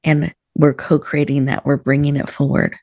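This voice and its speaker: A woman hosting a show, gently guiding listeners through a slow breathing meditation in a soothing manner. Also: deep voice, little pitch movement, vocal fry, dry recording. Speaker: host.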